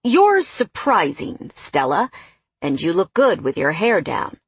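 A woman voicing a cocky, condescending male coworker who teases and smirks, in a storybook read with a husky voice. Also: high-pitched, wildly swooping pitch, slow pace, a bit bright, no echo, full character voice. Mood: smirking, teasing. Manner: teasing, know-it-all.

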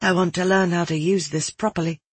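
An eager young woman recruit speaks up with blunt questions, as a man puts her on in a storybook. The voice is lifted well above the reader's own and stays husky. The sound is dry and close. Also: high-pitched, flat delivery, fairly quick, no room sound, pitched above the performer's own voice.

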